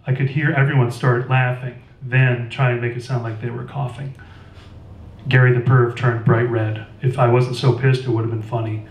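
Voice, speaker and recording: A man reads his own novel aloud at a live event in a record store. His narration is plain and steady, in the first person. The room echoes, and he sits well away from the mic. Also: medium pitch, normal speed. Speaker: author. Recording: roomy store, distant mic.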